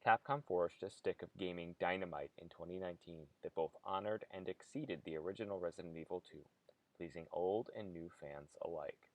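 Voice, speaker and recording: A man with a low, deep voice narrates a video essay from a script. His delivery is measured and analytical. The sound is close and dry, with no room around it. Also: darkish tone, no echo.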